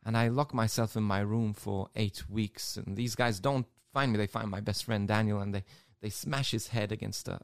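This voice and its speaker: A priest telling his own story in an interview, emotional and halting, often repeating words. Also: fairly low pitch, fairly even intonation, creaky, smooth, dry recording, studio quality. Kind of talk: personal testimony in an interview.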